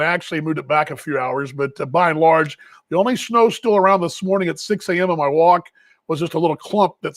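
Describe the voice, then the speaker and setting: A man's voice: fairly high pitch, a bit bright, no echo. A man from Texas hosting a casual live stream from a ballpark as a team broadcaster, chatty and self-deprecating, rambling as he reads viewer comments aloud.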